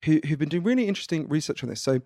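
A man from the United Kingdom, a guest author in an interview, explaining ideas in an animated, lively way. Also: fairly high pitch, very fast, no room sound, studio quality. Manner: animated, explanatory, laughs easily. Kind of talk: conversational interview.

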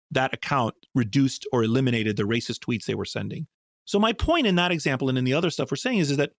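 A man's voice: medium pitch, no echo, studio quality. A man answering interview questions in a thoughtful, rambling way, often restarting his sentences. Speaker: guest scientist.

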